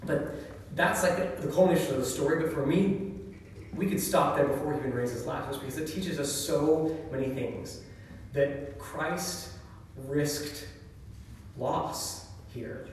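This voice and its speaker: A man's voice: a little high, a little slow. Man, church speaker, chatty and reflective talk, heard from a distance in a big reverberant hall with faint room noise. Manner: casual and reflective, often asks "right?". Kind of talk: conversational scripture talk. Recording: echoey hall from far off.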